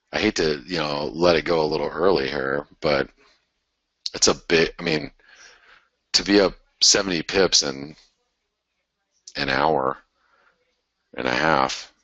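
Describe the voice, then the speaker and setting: Very deep-voiced excitable trading show host. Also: male voice, slow, pauses often, no echo, muffled recording. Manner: excitable, exclaims at charts, thinks aloud. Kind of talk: live market commentary.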